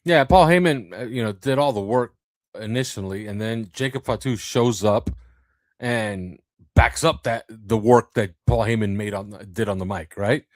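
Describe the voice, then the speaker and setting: A man co-hosting a casual sports podcast, talking in an animated way, laughing and acting out quotes. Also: on the low side, normal speed, no room sound, studio quality. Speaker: podcast co-host.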